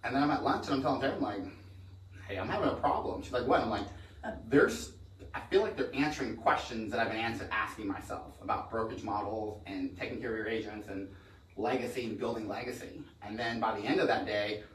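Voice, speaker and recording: Fast-talking man telling a story. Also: lowish voice, fairly bright tone. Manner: fast, rambling storyteller with frequent restarts. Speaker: real estate broker. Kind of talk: casual podcast conversation. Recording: echoey room, mic at a distance.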